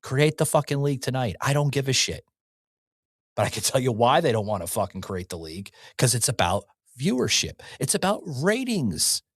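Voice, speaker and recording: A man's voice: mid-range voice, fairly quick, no room sound, clean studio sound. A man hosting an opinion podcast, ranting heatedly with lots of swearing and slogans repeated over and over. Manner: profane, fired-up and repetitive; hammers on short slogans. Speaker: podcast host.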